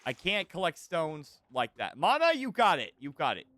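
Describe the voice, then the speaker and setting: A man streaming a survival game, giving animated, swear-laden commentary and chatting with his viewers. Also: on the high side, moderate pace, no room sound. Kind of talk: live gameplay commentary.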